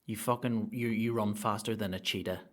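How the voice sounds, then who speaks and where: A Northern Irish man, a stand-up comedian and podcast host, rambling through a comic monologue full of swearing and sudden loud outbursts. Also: lowish voice, fairly even intonation, fairly quick.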